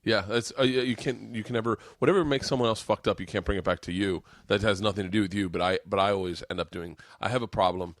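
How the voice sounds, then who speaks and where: Low-voiced rambling male podcast host. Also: quick pace, hardly any pauses, dry recording. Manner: rambling, swears often, restarts a lot. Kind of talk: casual chat.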